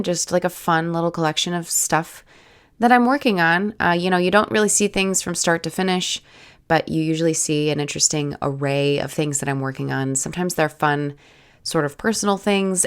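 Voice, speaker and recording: Low raspy-voiced woman with a head cold. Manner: rambling, casual, many "like"s and restarts. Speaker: art channel host. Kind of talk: chatty voiceover over art footage.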